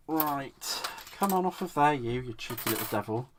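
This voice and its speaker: A man's voice: mid-range voice, expressive, moderate pace, slight background noise. A man hosting a live crafting demo. He is giggly and playful, mocks himself and answers viewers' comments as he works. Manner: giggly, playful, self-mocking, reacts to chat comments. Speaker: crafting livestream host.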